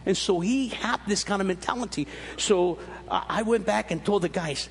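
Preacher, male, fairly high husky voice, lively emphatic sermon storytelling, long hall reverb. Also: moderate pace, few pauses. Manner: animated storytelling with emphatic rises and repeated restarts.

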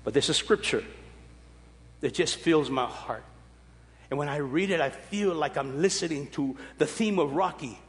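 A man's voice: a little high, normal speed, in a large hall. A man in his sixties preaching a sermon, with an emphatic, repetitive, folksy delivery. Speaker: pastor.

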